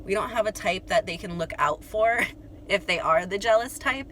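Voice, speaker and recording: A chatty young woman vlogging straight to her viewers, telling a story in an animated, casual way. Her voice sits at a middle pitch. A faint hiss of background noise sits under her voice. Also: moderate pace. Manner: chatty, animated, full of "like" and "you guys". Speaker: astrology channel host.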